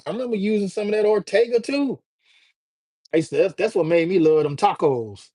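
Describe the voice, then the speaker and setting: A man's voice: high voice, a little fast, mellow, no echo. A man hosting a live stream, chatting loosely with his viewers in a joking way and using plenty of slang. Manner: loose, joking, talks straight to the chat with slang. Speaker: livestream host. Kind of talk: casual live-stream chat, reacting to viewers.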